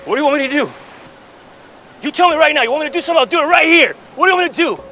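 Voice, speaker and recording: A man's voice: very high-pitched, expressive, racing, slight background noise, exaggerated voice. A furious desperate young man. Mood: angry, desperate. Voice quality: shouting, desperate. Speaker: film character in a played clip. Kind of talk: film drama acting.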